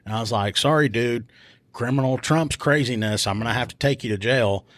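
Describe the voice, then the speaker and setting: Speaking briskly in a mid-range voice, a police officer recounts stories on a podcast in a studio with no room sound. He's lively and casual, raising his voice to act out what others said.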